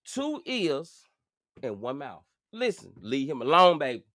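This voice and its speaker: A man's voice: a little high, big pitch swings, measured pace, fairly bright tone, no room sound, clean studio sound. A man hosting a casual commentary vlog, sassy and profane, repeating phrases for emphasis. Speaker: channel host.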